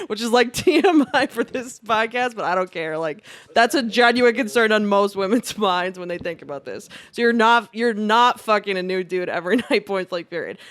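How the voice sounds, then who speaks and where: A woman's voice: medium pitch, a bit bright. A woman co-hosting a casual podcast, with a voice in the middle of the usual range. She talks bluntly and profanely, laughing often as she argues her point. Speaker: podcast co-host. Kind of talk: casual chat.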